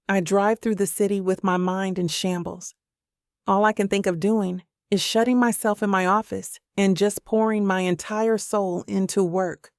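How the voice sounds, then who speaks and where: A woman's voice: mid-range voice, creaky, clear, resonant tone, no room sound, clean studio sound. A woman narrating a first-person romance audiobook in an introspective, emotional inner-monologue manner.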